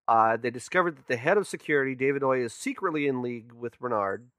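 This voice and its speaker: A man's voice: medium pitch, expressive, quick pace, a bit bright, no room sound, studio quality. Chatty man recapping a film. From California. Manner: chatty, rambling recaps with frequent restarts. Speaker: podcast co-host. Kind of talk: casual movie-review chat.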